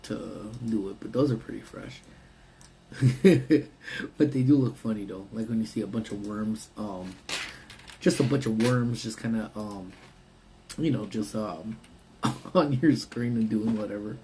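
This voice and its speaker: A man's voice: lowish voice, a little slow, pauses often, dark tone, slight background noise. A man hosting a casual live stream from his parked car, rambling and answering his chat. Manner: laid-back, rambling, reads and answers chat. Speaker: livestream host.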